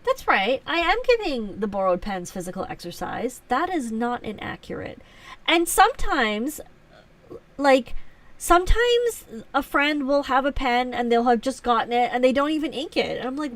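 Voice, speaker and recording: A woman's voice: sits high, big pitch swings, normal speed, far from the mic. A woman hosting a live stream, chatting casually with viewers and teasing herself, with frequent laughs. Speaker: livestream host.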